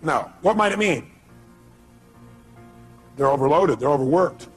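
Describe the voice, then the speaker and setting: A man's voice: a little high, lively intonation, a little slow, husky, soft background music. A man speaking live at a seminar, emphatic and repeating his key phrases, firing questions at the audience. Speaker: motivational speaker. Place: seminar hall.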